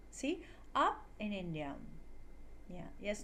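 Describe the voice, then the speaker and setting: A woman's voice: mid-range voice, very animated, measured pace, fairly bright tone, slight background noise. Young woman English teacher, playful and upbeat, online class, exaggerates intonation in her examples.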